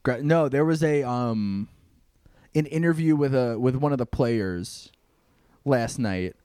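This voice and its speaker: Laid-back, deadpan man co-hosting. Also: mid-range voice, slow, smooth, no echo, studio quality. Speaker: podcast co-host. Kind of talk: casual comedy chat.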